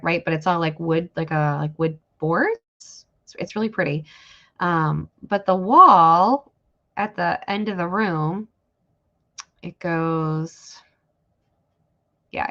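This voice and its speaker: Casting note: woman, unhurried, gravelly live-sale host, chatty and rambling, dull lo-fi stream audio. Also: fairly low pitch, a bit bright. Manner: chatty, rambling, thanks viewers by name. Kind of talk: casual live-stream selling.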